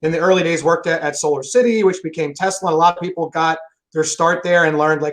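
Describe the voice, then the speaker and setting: A man talking fast and emphatically in a casual interview about selling, rambling and swearing freely. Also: on the high side, steady tone, low-quality recording. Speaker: solar sales pro guest.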